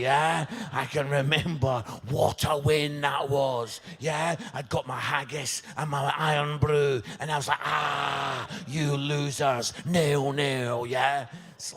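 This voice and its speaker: A Scottish pastor in his fifties tells a funny story from the pulpit, animated and fond of a questioning "yeah?". His voice sits high for a man and has a gravelly edge. It rings with the long reverb of a church hall. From Scotland. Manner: animated, comic, tags lines with "yeah?". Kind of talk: sermon storytelling.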